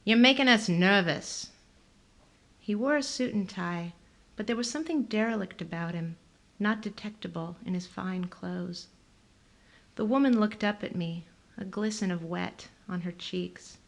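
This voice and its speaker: A woman's voice: on the low side, normal speed, gravelly. Woman author reading her novel. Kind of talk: reading fiction aloud. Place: event at a library.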